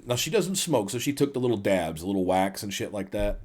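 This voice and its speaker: A man hosting a casual podcast chat, telling stories in a profane, animated way. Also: fairly low pitch, quick pace, hardly any pauses, husky. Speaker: podcast host.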